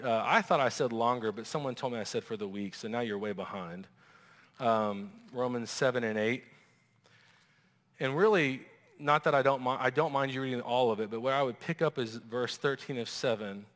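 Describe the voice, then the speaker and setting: Animated male pastor in a reverberant hall. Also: mid-range voice. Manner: animated, acting out quoted voices. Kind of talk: sermon. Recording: long reverb of a large hall.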